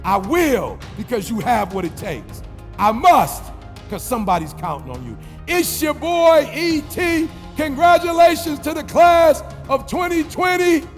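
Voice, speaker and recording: High-voiced man giving a fired-up pep talk. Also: sing-song, measured pace. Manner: preachy, call-and-response, chanting. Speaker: motivational speaker. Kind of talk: rousing commencement speech. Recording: long hall reverb, faint music.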